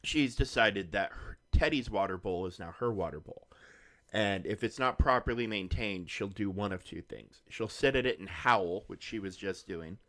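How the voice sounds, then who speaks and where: A man with a low voice talks on a live game stream. He chats casually and rambles from one topic to the next. Now and then he drops a curse word without thinking. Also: normal speed, a bit bright. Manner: rambling, chatty, swears casually. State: hiccups. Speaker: gaming streamer.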